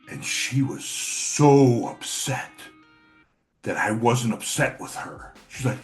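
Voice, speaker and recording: A man's voice: mid-range voice, expressive, unhurried, faint music behind. A middle-aged man in a casual personal monologue, blunt and profane, rambling with repeated words. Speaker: channel host.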